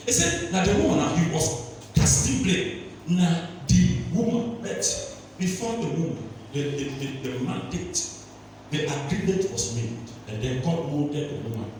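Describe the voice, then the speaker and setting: A man from Leone, preaching a sermon and firing off rhetorical questions that climb into shouts. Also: on the high side, slight background noise. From Sierra Leone. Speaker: pastor. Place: large church hall. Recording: echoey church hall, distant mic.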